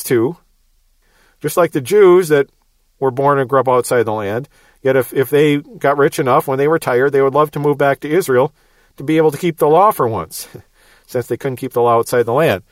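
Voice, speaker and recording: A man's voice: mid-range voice, normal speed, no echo. A man with a Midwestern American accent teaching the Bible verse by verse, explaining patiently and repeating words as he goes.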